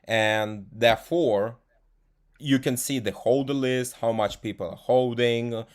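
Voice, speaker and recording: Slow-talking man explaining patiently. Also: mid-range voice. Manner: slow, explaining, tag questions. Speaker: project team member on podcast. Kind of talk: casual podcast chat.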